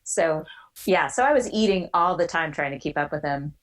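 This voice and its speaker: Animated woman telling a personal story. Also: low-pitched, moderate pace, rough recording. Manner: animated storyteller, acts out quoted voices. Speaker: guest.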